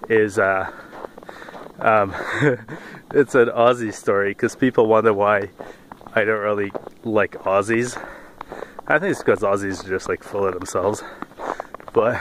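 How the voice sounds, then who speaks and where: Man vlogger, lower voice, casual rambling jokester talking mid-walk outdoors. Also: noisy background. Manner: rambling, jokey storytelling; talking while walking outdoors. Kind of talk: casual vlog while walking. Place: outdoors on a path.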